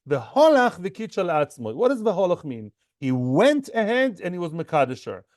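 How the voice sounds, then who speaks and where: A man teaching a Talmud lesson in English, lively and acting out the people in the case, with Hebrew and Aramaic terms mixed in. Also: high-pitched, moderate pace, no echo, clean studio sound. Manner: animated, acts out the characters in the case. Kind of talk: Talmud lecture.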